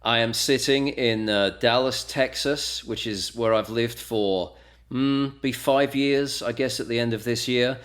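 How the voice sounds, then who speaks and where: A man from Essex with an English accent, a radio presenter chatting casually as an interview guest, animated and full of quick asides. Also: mid-range voice. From England (Essex). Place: home in the US, remote call.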